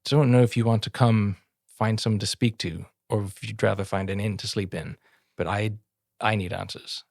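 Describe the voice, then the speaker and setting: A man playing in a tabletop game, speaking earnestly and haltingly, with easy laughter. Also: on the low side, steady tone, vocal fry, darkish tone, dry recording, clean studio sound. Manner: earnest, hesitant, laughs easily. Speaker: player.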